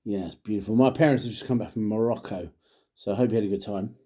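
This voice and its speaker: A middle-aged man talks casually as he reviews drinks, rambling through jokey asides and muttered half-sentences. His voice sits fairly low, with a mellow, dark tone and a husky edge. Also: steady tone, fast talker. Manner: mutters and trails off. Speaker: father. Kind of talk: casual chat to camera.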